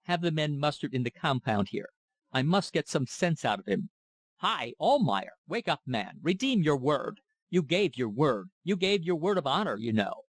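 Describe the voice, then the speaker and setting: A man voicing a young naval lieutenant who speaks in a measured, formal, soothing way. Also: fairly high pitch, very animated. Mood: firm.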